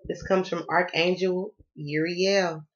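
A woman's voice: on the low side, fairly even intonation, slow, highs cut off. A woman from the American South doing a casual tarot reading, sassy and playful and cussing freely. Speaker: tarot reader.

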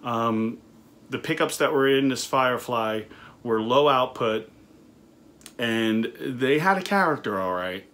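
A man's voice: mid-range voice, lively intonation, unhurried, fairly bright tone. Casual middle-aged man reviewing a guitar. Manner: conversational, frequent fillers and restarts. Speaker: guitar reviewer and studio owner. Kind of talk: casual product review talk.

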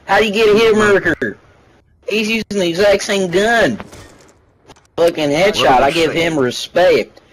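A man trash-talking crudely and excitably with friends in a game's party chat. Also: high-pitched, measured pace, slight background noise, rough recording. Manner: profane, mocking, excitable. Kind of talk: crude trash talk while playing.

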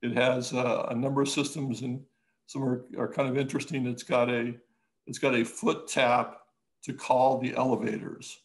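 A man, an architect, talking casually in an interview, halting with many restarts and growing lively when he tells a story. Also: mid-range voice, low-quality recording. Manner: halting, many restarts and fillers, animated when telling stories.

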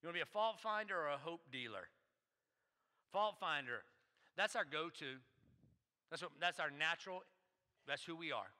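A man's voice: on the high side, lively intonation, normal speed, pauses often, pushed and bright. A male pastor preaching a sermon, telling stories in a conversational way, repeating phrases and asking rhetorical questions. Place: church sanctuary. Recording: long church hall reverb.

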